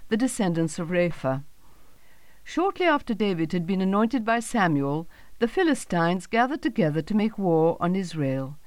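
A woman narrating a Bible story in a calm, even storytelling manner, reading the quoted lines in her own voice. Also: medium pitch, dry recording.

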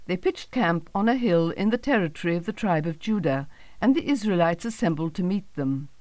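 A woman tells a Bible story in a calm, measured narration. Her voice sits low for a woman. The sound is dry and close, with no room around it. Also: no room sound.

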